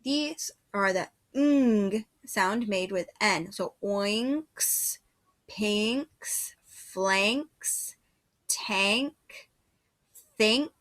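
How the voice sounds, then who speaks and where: A woman teaching a first grade phonics lesson, sounding out each letter and word with patient care. Her voice is bright and clear, and she speaks very slowly, leaving long pauses between sounds. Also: medium pitch. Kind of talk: slow phonics dictation lesson.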